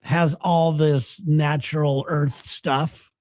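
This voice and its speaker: A man's voice: on the high side, level tone, takes it slowly, a little mellow, no echo, clean studio sound. A man co-hosting a casual podcast chat, thinking aloud in a rambling way with frequent restarts. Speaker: podcast co-host.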